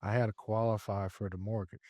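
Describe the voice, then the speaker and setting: A man as a podcast guest, telling a business story in a lively way and acting out his own dialogue. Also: fairly low pitch, fairly quick, dry recording, clean studio sound. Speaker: podcast guest, real estate investor. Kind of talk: conversational storytelling interview.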